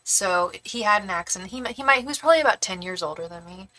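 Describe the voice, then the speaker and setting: A woman's voice: medium pitch, expressive, fast talker, sharp tone. A young woman hosting a live-stream, chatting casually and rambling with many restarts. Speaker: tarot reader livestream host.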